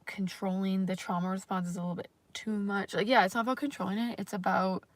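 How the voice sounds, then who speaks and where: A woman's voice: mid-range voice, fairly even intonation, fast. A woman vlogger talking casually on a livestream, rambling and self-conscious, with lots of fillers and the odd swear word.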